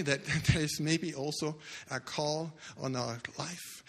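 A man delivers a sermon as a dramatic story, jumping from loud bursts to hushed, low lines. His voice sits a little high and rings bright. The sound carries the long reverb of a church hall. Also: a little slow, hardly any pauses. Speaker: pastor.

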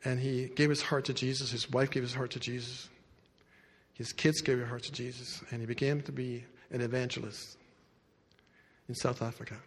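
A preacher retells a story to his congregation in a husky, everyday mid-pitched voice at a moderate pace. He swings between loud, lifted bursts and low, hushed asides, and the long reverb of a big hall rings around him.

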